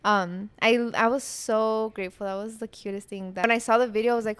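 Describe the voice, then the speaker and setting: A woman's voice: on the high side, steady tone, brisk, fairly bright tone, clean tone. A young woman co-hosting a podcast, chatting casually and telling stories with lots of fillers and laughs. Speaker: podcast co-host. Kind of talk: casual chat.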